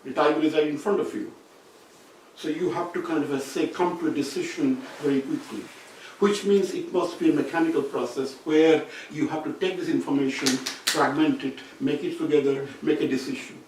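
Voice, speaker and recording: A man's voice: fairly high pitch, moderate pace, darkish tone, slight background noise. A man giving an academic seminar talk, explaining ideas and rephrasing his points as he goes. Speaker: seminar speaker. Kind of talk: academic lecture. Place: seminar room. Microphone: distant room mic. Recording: very echoey room from far off.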